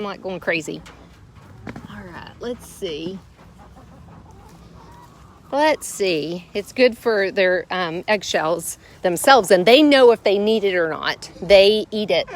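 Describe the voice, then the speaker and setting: A woman's voice: medium pitch, expressive, slow pace, long pauses, a little hiss or hum. A middle-aged woman with a Southern US accent, chatting casually on a livestream, laughing often and cooing at her pets. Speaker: vlog host. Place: outdoors at a home with hens.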